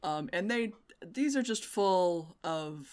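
A woman co-hosting a podcast in casual chat, hesitant and slow with many fillers. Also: lowish voice, expressive, a little mellow. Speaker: podcast co-host.

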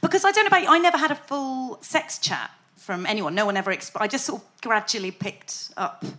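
A woman's voice: on the high side, brisk, sharp tone. A woman co-hosting a podcast, telling stories in a dry, wry way and laughing often. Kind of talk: casual chat.

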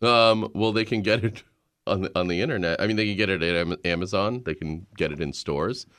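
A man with a very deep, smooth, resonant voice chats as a guest comedian on a podcast. He talks in a mild, low-key, slightly hesitant way. The recording is dry and close. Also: brisk, fairly bright tone, no room sound. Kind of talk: casual chat.

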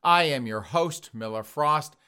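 A man hosting a podcast, telling a comic story in an animated way and calling out to his listeners. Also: fairly high pitch, measured pace, clean tone. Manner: animated, addresses listeners as folks. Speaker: podcast host.

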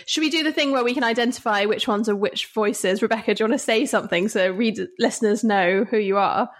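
A woman journalist hosting a conversational podcast, friendly and quick to laugh as she asks her guests questions. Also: mid-range voice.

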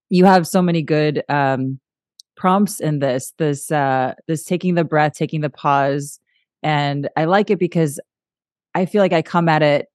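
A woman's voice: sits low, dry recording. Chatty woman host, dry sound. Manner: warm, chatty, animated impressions of her husband. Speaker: podcast host. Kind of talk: casual conversational interview.

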